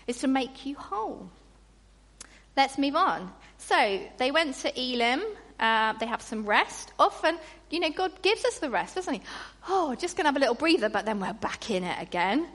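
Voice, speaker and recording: A woman preaching a sermon in an animated way, acting out grumbling voices. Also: sits high, moderate pace. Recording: long reverb in a large hall.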